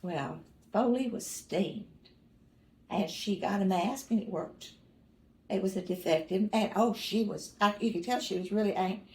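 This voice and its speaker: In a mid-range voice at normal speed, this mother reminisces about her family in an echoey room. Her casual storytelling wanders and self-corrects, laced with dry wit and little chuckles.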